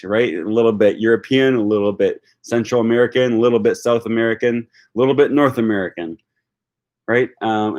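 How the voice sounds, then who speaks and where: A man talking off the cuff on his own channel about learning languages, with many fillers and restarts. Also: fairly low pitch. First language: English. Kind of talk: unscripted video talk.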